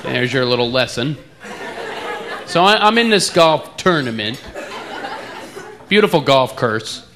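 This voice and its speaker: A man's voice: medium pitch, animated, measured pace, pauses often, crowd noise, background noise. A man from the eastern United States with an East Coast accent, doing jokey stand-up about his own accent. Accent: East Coast American. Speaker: stand-up comedian. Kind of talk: stand-up routine on stage. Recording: live club with loud audience.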